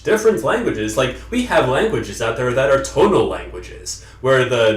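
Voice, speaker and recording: A man giving an emphatic, lecturing explanation to camera as a self-improvement vlogger. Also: medium pitch. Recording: roomy sound, distant from the mic.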